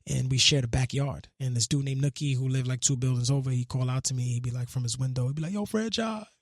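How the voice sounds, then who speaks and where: A man, telling his life story as a guest in a radio studio, animated and full of casual slang, acting out the voices of people he quotes. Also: medium pitch, fast talker, no room sound. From Brooklyn, New York. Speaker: musician and actor guest.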